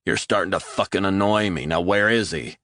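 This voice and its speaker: A man's voice: low-pitched, fairly quick, a bit bright, no room sound, voice pushed up. A man voicing a hard male operative who speaks in curt, threatening commands. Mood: menacing.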